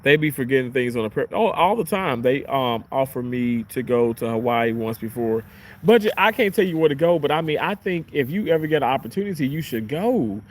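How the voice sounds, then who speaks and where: Casual storyteller: young guy, surgical tech, lively and profane, mid-pitched everyday voice. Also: a little fast. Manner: animated, chatty, swears casually.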